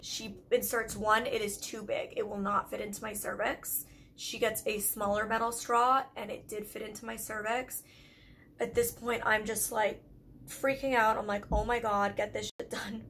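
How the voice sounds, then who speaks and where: A woman's voice: medium pitch, a bit bright, a little hiss or hum. A young woman from Canada with a Canadian accent, telling a personal story in a candid, chatty vlog full of "like" fillers. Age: young adult. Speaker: YouTube vlogger.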